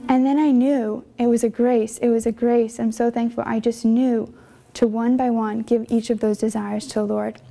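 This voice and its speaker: A young religious sister recounts her calling, earnest and emotional, stumbling through little fillers as she goes. Her voice sits a bit high yet sounds mellow, with a gravelly edge. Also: flat delivery, moderate pace. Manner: earnest, conversational, many fillers; emotional storytelling. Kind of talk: personal vocation testimony.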